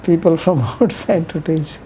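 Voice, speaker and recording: A woman's voice: low-pitched, a little slow, mellow, a little hiss or hum, low-quality recording. A woman giving a rambling, conversational scripture lecture, telling stories with frequent asides.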